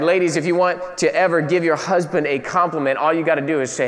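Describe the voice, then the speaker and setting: Lively preaching man, high voice. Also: quick pace, few pauses, in a large hall. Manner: animated, conversational preaching with playful asides. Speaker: pastor. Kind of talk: sermon.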